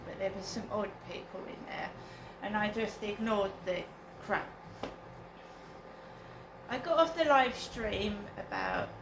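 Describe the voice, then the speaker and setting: A woman vlogging on a morning dog walk, chatting to camera in a rambling, aggrieved way. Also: medium pitch. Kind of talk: casual chat to camera. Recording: echoey with loud outdoor noise.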